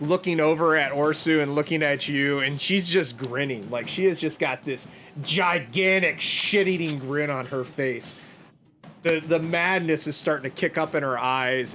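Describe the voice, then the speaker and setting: A man's voice: a little high, normal speed, slight background noise. Easygoing man running a tabletop game. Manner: relaxed, hesitant narration with many fillers. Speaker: game master.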